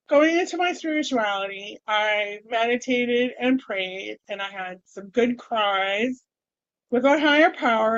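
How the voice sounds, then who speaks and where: A middle-aged woman talks candidly in a casual vlog, rambling with wry, self-deprecating humor. Her voice sits a little high, and the recording is dull and dry. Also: no room sound. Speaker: vlogger.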